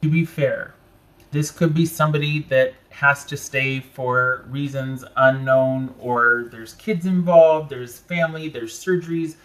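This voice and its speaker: A man giving a casual tarot reading, talking in a chatty way with animated asides and frequent self-interruptions. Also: mid-range voice, unhurried. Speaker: tarot reader.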